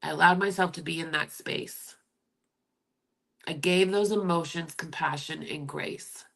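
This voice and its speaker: A woman with a low, husky voice hosts a candid livestream, speaking straight to her viewers. Her delivery is emotional and confiding, with a gravelly edge. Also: a little slow, a bit bright. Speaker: livestream host. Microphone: streaming setup.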